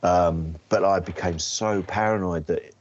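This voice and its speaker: A man's voice: low-pitched, fairly even intonation, measured pace, darkish tone, a little hiss or hum. A man who is a comedian, telling self-deprecating anecdotes in an interview with frequent restarts. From England. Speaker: comedian guest. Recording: dull slightly lo-fi sound.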